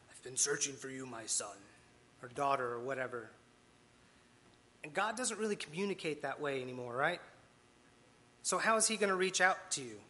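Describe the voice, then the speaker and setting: A man's voice: fairly high pitch, pushed and bright. A man preaching a conversational sermon with asides and self-deprecating humor. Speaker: lay preacher.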